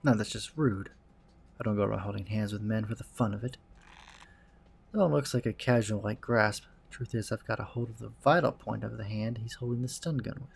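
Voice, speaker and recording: A man's voice: lowish voice, steady tone, brisk, gravelly, husky. A man hosting a let's play, reading a visual novel's narration aloud in a dry, wry manner.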